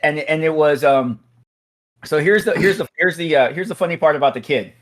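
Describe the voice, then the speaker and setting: A man hosting a casual chat, telling a police story in an animated way and getting loud at the punchlines. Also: on the high side, a little fast. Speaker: host, SWAT officer.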